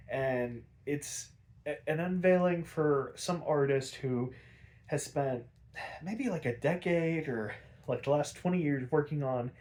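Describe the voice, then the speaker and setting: A man's voice: medium pitch, darkish tone. A man hosting a podcast, casually recapping an episode in a rambling way with lots of fillers and easy swearing. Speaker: podcast host.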